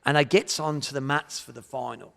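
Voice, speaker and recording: A man in his forties with an English accent, a guest on a podcast, telling his own life story in animated bursts and acting out his past thoughts. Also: mid-range voice, brisk, creaky, in a large hall. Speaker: guest, martial arts champion.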